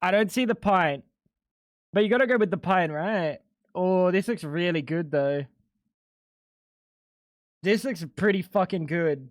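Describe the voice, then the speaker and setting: Young male streamer, casual and excitable, high-pitched, dry sound. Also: unhurried, long pauses, dry recording. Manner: animated, swearing, laughing a lot. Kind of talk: casual live-stream chat.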